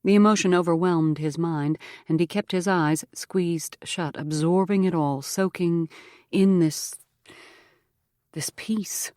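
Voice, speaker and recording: Low-voiced woman narrating an audiobook. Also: steady tone, dark tone, no echo, clean studio sound. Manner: measured, earnest storytelling. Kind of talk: scripted narration.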